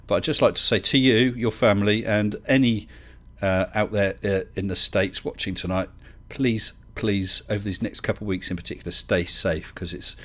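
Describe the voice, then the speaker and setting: Chatty British man hosting a stream. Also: lowish voice. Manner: chatty, self-interrupting, laughs easily. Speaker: livestream host. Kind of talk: casual live-stream chat.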